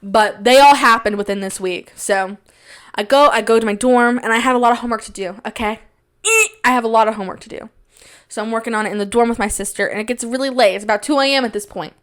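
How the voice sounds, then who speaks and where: Slightly high, self-mocking young woman. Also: quick pace, a bit bright. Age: young adult. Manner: self-deprecating, rambling, with big jumps in pitch when quoting. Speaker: podcast host. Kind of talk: casual storytelling monologue.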